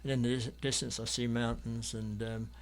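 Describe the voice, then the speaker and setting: A London-born English artist, guesting in an interview, rambles through anecdotes hesitantly, with frequent ums and restarts. He has a mid-range voice, a flat delivery and a moderate pace.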